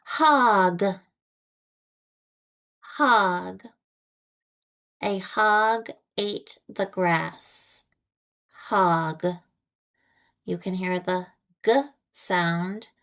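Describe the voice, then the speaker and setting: American woman teaching phonics, super slow, says every word twice, very clear. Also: fairly low pitch, fairly even intonation, fairly bright tone. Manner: deliberate, repeats each word with long pauses. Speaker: ESL teacher.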